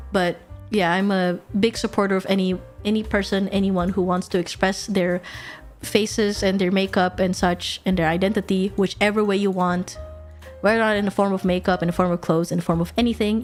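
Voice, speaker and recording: Animated swearing young woman streamer. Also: medium pitch. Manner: animated, swears freely, laughs often. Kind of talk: casual chat stream.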